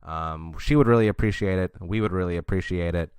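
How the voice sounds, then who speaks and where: Young male podcast co-host, fairly low voice, jokey. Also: a little fast, a little mellow, smooth, dry recording. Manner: joking, plugs the show. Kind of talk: casual podcast chat.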